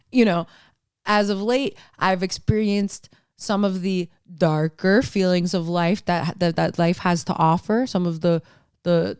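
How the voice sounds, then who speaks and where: A woman's voice: mid-range voice, a little mellow, clear, resonant tone, no echo, studio quality. A young woman hosting her own podcast, talking alone in an earnest, rambling way, swearing freely and laughing often. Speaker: podcast host. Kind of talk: casual solo monologue.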